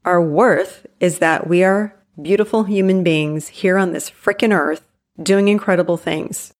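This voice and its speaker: Upbeat podcast lady in her 40s, kinda low voice, chatty and emphatic. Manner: upbeat, chatty and emphatic, slows down to stress key lines. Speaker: podcast host. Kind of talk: solo motivational podcast talk.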